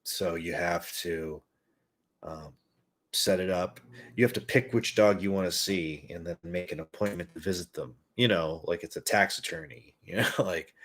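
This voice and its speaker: A man hosting a talk show tells loose, rambling comic stories with casual swearing and self-mockery. His voice is deep and low. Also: moderate pace, fairly bright tone. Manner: rambling, profane, self-mocking. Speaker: podcast host. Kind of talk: casual comedic storytelling.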